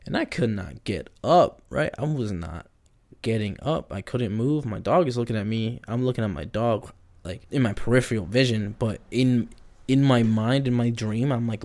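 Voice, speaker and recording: Gravelly young man telling a story. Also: medium pitch, moderate pace. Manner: rambling, animated, with frequent restarts. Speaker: podcast host. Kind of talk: casual storytelling monologue. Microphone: podcast mic at a home computer.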